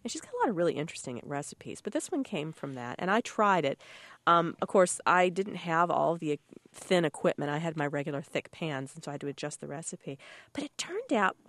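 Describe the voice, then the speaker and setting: A woman's voice: low-pitched, fairly quick, dry recording. A woman cookbook author chatting on a radio show, telling stories with laughs and acted-out voices. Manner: animated storyteller, laughs often, acts out quoted voices. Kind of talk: casual radio chat.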